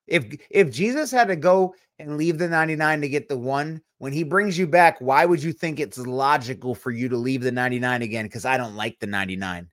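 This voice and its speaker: A man's voice: a little high, fairly quick, hardly any pauses, fairly bright tone, dry recording, studio quality. A young man, preaching a sermon in a blunt, conversational way with teasing asides. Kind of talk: sermon-style teaching.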